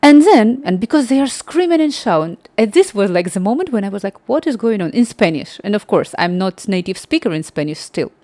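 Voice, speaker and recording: Animated woman telling a story, dry sound. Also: medium pitch, a little fast, few pauses, dry recording. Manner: animated, acts out quoted dialogue. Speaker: livestream host. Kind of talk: casual storytelling.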